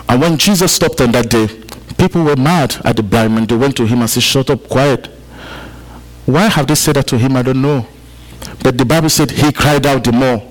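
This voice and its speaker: A man with a medium-pitched voice, captured on a rough recording. He is an African pastor preaching to his congregation at a church service, repeating key points for emphasis and chatting with the listeners.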